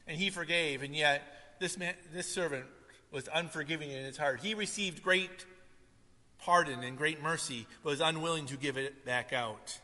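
A man preaching a sermon to a congregation, swinging between loud emphasis and soft asides. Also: a little high, normal speed, long reverb tail. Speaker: pastor.

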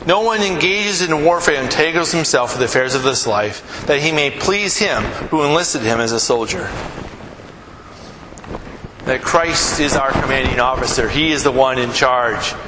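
A man's voice: mid-range voice, normal speed, reverberant, long reverb tail, noisy background. A middle-aged man preaching a sermon in a conversational way, asking rhetorical questions and acting out stories. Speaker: pastor.

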